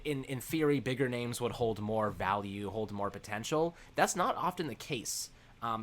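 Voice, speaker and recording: A man's voice: on the low side, a bit bright, slight background noise. A man hosting a sports podcast, talking upbeat and hyped in a loose, rambling way. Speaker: podcast host. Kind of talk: casual sports podcast chat.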